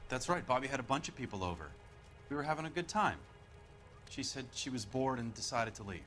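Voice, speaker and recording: An actor playing a defensive husband questioned by police in a video game, nervous and quick to anger. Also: male voice, medium pitch, lively intonation, fairly bright tone, soft background music, lightly acted. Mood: bitter. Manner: nervous, then angry outbursts. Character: defensive husband questioned over missing wife.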